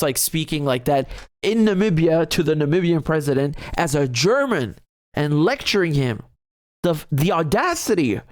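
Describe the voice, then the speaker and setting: Guy ranting about a clip, indignant and emphatic, slightly high voice, dead dry sound. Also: no room sound. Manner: indignant, emphatic, laughs often. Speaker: political commentator. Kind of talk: reaction commentary.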